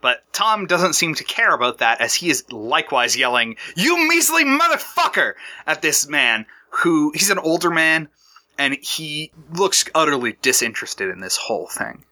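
Man, game master, very bright tone, narrating a tabletop campaign, restarts often. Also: a little high, expressive, moderate pace. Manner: descriptive, with frequent restarts.

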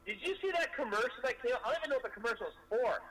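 A man co-hosting a casual podcast, retelling clips excitedly and swearing heavily. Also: very high voice, rapid-fire, low-quality recording. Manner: excitable storyteller, heavy swearing. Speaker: podcast co-host. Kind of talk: casual chat.

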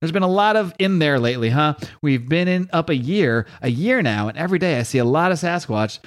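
A man's voice: a little high, expressive, brisk, pitched above the performer's own voice, close to an everyday voice. A man reading the lines of a defensive male monster hero in a nearly plain voice. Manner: read aloud in plain voice.

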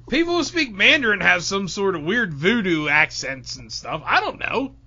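Animated high-voiced man hosting a podcast. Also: moderate pace, slightly rough. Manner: loud, animated, teasing. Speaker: podcast host. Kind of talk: casual podcast banter. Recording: dull lo-fi podcast audio.

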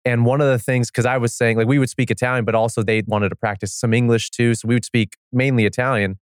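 A man's voice: medium pitch, flat delivery, quick pace, clean tone, no echo, studio quality. A man hosting a podcast, telling a story in a reflective, casual conversational way. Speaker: podcast host.

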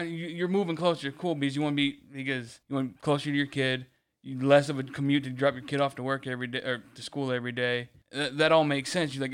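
A man's voice: mid-range voice, clear, resonant tone. A young man on a podcast, heated and emotional, swearing constantly and close to tears. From Michigan. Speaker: podcast co-host. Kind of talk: casual chat.

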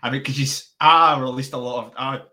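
Young man, bright tone, guest in a relaxed interview chat, rambles animatedly. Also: mid-range voice, fairly quick. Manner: rambling, restarts often, animated. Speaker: podcast founder.

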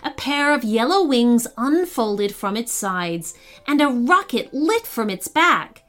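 A woman reading a storybook tale aloud as the host, with expressive, lively delivery. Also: on the high side, slow pace, soft background music. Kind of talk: scripted storybook narration.

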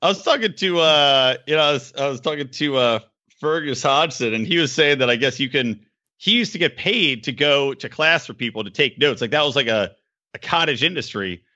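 A man's voice: mid-range voice, fairly quick, dull audio. A man chatting casually with friends on a podcast, laughing often and breaking into other voices. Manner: laughing, animated, jumps between voices. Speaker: podcast panelist. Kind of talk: casual chat.

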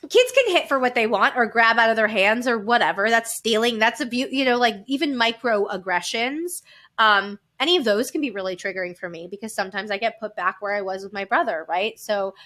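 Bright-voiced, frank woman guest. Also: a little high. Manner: frank and animated, with quick laughs and reenacted quotes. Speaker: podcast guest. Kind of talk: candid conversational storytelling.

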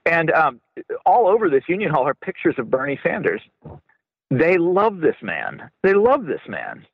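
A man talks through a tinny, dry phone connection, his fairly high voice moving a lot in pitch. He is an author being interviewed on radio. He stumbles and repeats words as he pushes his points. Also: moderate pace, vocal fry, husky, dry recording. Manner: animated, repeats and restarts words, laughs often. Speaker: author guest. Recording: tinny phone-line sound.

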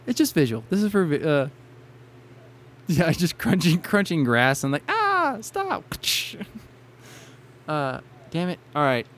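A man's voice: a little high, expressive, normal speed. A young man hosting a gaming podcast, rambling casually, laughing often and correcting himself. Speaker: podcast host. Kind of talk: casual banter while planning intros.

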